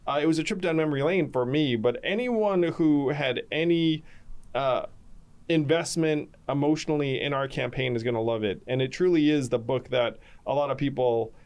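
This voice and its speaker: A man's voice: medium pitch, normal speed, a little mellow, smooth. A man in his forties hosting a podcast, upbeat as he plugs a book and congratulates his guest. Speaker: podcast host. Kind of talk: casual podcast chat.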